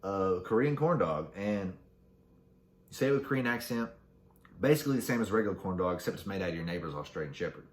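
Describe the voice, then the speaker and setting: A man's voice: sits low, expressive, fast, roomy sound. A man hosting a casual solo podcast, reading facts aloud and cracking crude jokes along the way. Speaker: podcast host.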